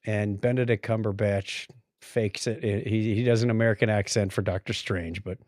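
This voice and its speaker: A middle-aged man co-hosting a casual podcast, jokey and animated, with sudden loud exclamations. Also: lowish voice, moderate pace, dry recording, clean studio sound. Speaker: podcast co-host. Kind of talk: casual chat.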